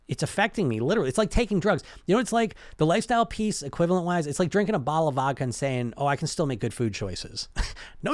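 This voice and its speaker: A man's voice: on the high side, no room sound. Chatty man coaching in a dry room. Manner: conversational, keeps asking "right?" and "you know?"; restarts and repeats words mid-sentence. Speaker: weight-loss coach. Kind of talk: casual motivational talk.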